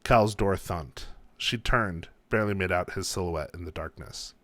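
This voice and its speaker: A man, an author, reading his own story aloud in a calm, unhurried way. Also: low voice, no echo.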